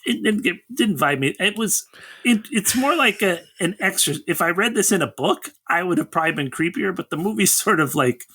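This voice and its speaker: Bright, lively man recapping a plot. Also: sits high, fairly quick, husky. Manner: recaps the plot in a relaxed, chatty way. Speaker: podcast co-host. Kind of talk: casual movie review chat.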